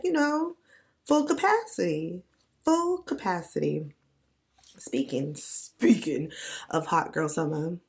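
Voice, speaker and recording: A young woman with a hoarse, raspy voice from losing it, hosting a casual solo podcast in a playful, animated way. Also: on the low side. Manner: playful, animated, breaks into mock quotes. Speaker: podcast host.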